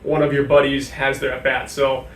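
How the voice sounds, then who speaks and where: In a casual interview, a young New Hampshire man who serves as a sports information director keeps leaning on "like" as he chats. His medium-pitched voice is monotone and fairly bright, at an ordinary pace. Faint noise, room echo, and a far-off mic mark the recording.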